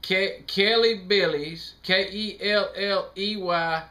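A man putting on a slow-witted, rambling rural hillbilly character on a prank call. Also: high voice, steady tone, pushed and bright, heavily acted. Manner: rambling, confused, drawling. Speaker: prank caller.

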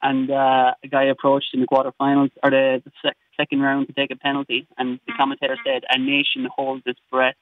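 A man's voice: medium pitch, monotone, fast talker, hardly any pauses, no room sound. Irish man on a tinny phone line. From Ireland. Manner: chatty, self-deprecating. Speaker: guest commentator. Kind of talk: phone interview.

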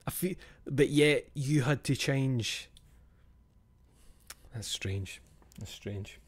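A man's voice: medium pitch, extremely slow, a little hiss or hum. A Scottish man streaming, chatting casually with his viewers, blunt and freely swearing with chuckling asides. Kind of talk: casual chat with live chat.

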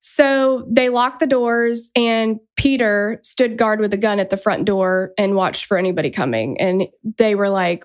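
A woman's voice: medium pitch, a little slow, hardly any pauses. A woman hosting a true crime podcast, retelling a case in a casual, chatty way. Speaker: podcast host.

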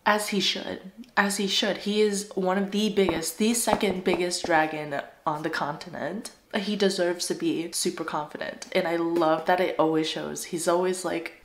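A woman's voice: fairly low pitch, fairly even intonation, moderate pace, reverberant, a little hiss or hum. Chatty young woman gushing about books. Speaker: book vlogger. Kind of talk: casual reading vlog chat.

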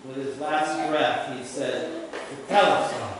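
Man preaching slowly in an echoing church. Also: fairly high pitch, noisy background. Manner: slow, emphatic preaching with dramatic pauses. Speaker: pastor. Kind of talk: sermon. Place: church sanctuary. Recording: distant mic in a reverberant church.

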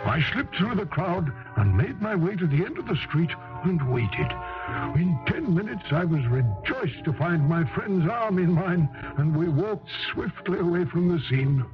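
An actor playing Doctor Watson, a loyal, puzzled companion, narrating and asking eager questions in a 1970s radio drama. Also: male voice, high voice. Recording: muffled old radio broadcast under music.

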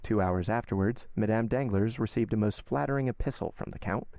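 A man hosting a podcast, reading a classic novel aloud in a steady storytelling manner. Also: lowish voice, a little fast, vocal fry, dry recording. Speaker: podcast host and reader. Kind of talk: audiobook narration of a classic novel.

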